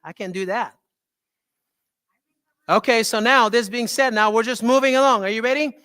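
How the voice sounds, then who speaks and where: High, bright-voiced man giving a health talk. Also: moderate pace, clean tone. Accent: French Canadian. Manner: animated, repeats "right?" to the audience. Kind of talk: live talk to an audience. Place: talk to a live audience in a room.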